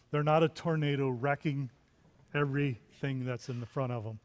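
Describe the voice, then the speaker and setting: A man's voice: fairly high pitch, moderate pace, in a large hall. A man preaching a sermon, repeating key phrases and rising into emphatic questions. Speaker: pastor.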